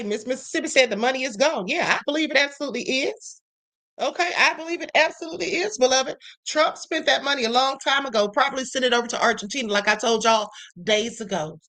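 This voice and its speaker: A woman's voice: fairly high pitch, sharp tone. A woman hosting a live-stream show, giving casual political commentary in an emphatic way and calling her listeners honey and beloved. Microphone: live-stream setup.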